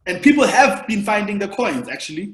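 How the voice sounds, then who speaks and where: A man's voice: sits high, sing-song, fast talker, soft background music. A South African man hosting a podcast, chatting casually and rambling through long explanations of history. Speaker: podcast host, comedian. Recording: roomy echo.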